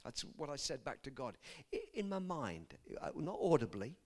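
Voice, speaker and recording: A man's voice: mid-range voice, sing-song, moderate pace, a little mellow. A man preaching a personal testimony to his congregation, earnest and direct, breaking off to question his listeners and stumbling over words when moved. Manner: earnest, speaks straight to the congregation with asides and questions.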